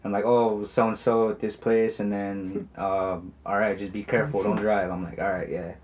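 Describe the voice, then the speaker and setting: A man's voice: fairly low pitch, flat delivery, normal speed, darkish tone. Rambling, swearing young man. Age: 20s. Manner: rambling, swears a lot, many fillers. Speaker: podcast co-host. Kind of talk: casual chat.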